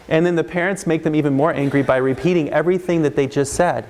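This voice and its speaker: Animated male counselor in an echoing hall. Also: a little high, fast talker. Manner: animated, acts out parents and kids in raised voices. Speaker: counselor giving a parenting talk. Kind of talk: live workshop talk to an audience. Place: large hall with live audience. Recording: long reverb of a large hall.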